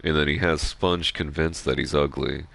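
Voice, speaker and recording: A man gives casual, rambling commentary while he plays a game. His voice is extremely low and full of vocal fry. He gets excited and swears freely. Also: moderate pace. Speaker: gaming streamer.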